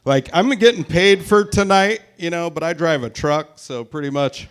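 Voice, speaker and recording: A man's voice: on the high side, normal speed, smooth. A man in his forties from Tacoma, doing a crude, self-mocking stand-up set live at a brewery into a stage mic. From Tacoma, Washington, US. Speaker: stand-up comedian.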